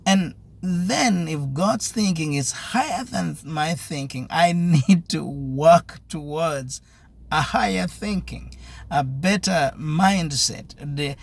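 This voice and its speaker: A man's voice: fairly high pitch, creaky. A man giving a devotional sermon with earnest, repetitive exhortation. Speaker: preacher.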